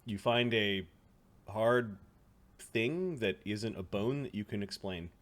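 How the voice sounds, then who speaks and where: A man's voice: lowish voice, slow pace. A man narrating as game master in a casual, chatty tabletop game.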